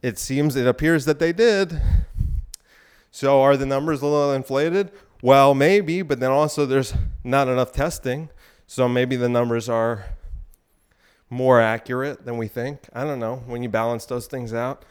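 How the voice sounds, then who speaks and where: A man's voice: medium pitch, steady tone, unhurried, smooth. Ranting young man, crude and rambling. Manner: crude, ranting, profane, with frequent asides; talking while exercising on an elliptical. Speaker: podcast host. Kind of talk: rambling solo podcast talk.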